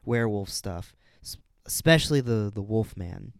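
A man co-hosting a casual podcast about a movie, relaxed, laughing often and trailing off with fillers. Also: lowish voice, normal speed, creaky, clean tone, dry recording, clean studio sound. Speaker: podcast co-host.

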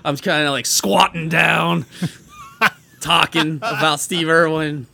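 A man's voice: fairly high pitch, fairly even intonation, takes it slowly, vocal fry, bright, forceful tone. A man co-hosting a podcast, telling a story in casual chat, rambling with many fillers and restarts. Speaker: podcast co-host.

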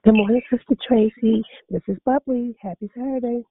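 A woman's voice: on the high side, steady tone, fairly quick, husky, dry recording. A woman calling in to a prayer line, speaking affectionately and chuckling. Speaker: caller. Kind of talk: phone call-in chat. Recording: tinny phone line.

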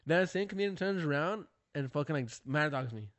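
A man swaps stories in casual chat, talking quickly in a somewhat high voice. He is animated and swears freely, acting out what people said. The sound is close and dry. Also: dry recording. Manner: animated, swearing, acts out quotes loudly. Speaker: stand-up comedian, podcast co-host.

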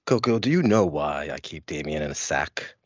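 A man's voice: rumbling low, expressive, normal speed, dry recording, highs cut off. A man playing a brooding wrestler with a pet snake, taunting his rival in a menacing, intense way.

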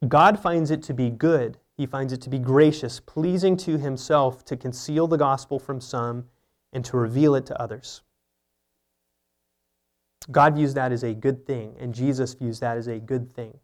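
A man's voice: mid-range voice, moderate pace. A man preaching an earnest, teaching sermon, often asking rhetorical questions. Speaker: pastor.

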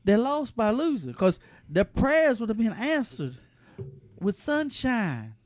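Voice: mid-range voice, sing-song, slow pace, dry recording. A performer playing Santa's laid-back male cousin Leroy, drawling slang and calling everyone man in a comedic improvised bit. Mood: laid-back boasting.

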